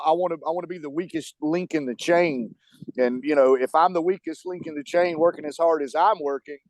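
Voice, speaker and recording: Southern US man, animated rambling talker, raised pitch, dry close sound. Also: no echo. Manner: animated, rambling storyteller who laughs often. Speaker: touring band musician, guest. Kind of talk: casual interview chat.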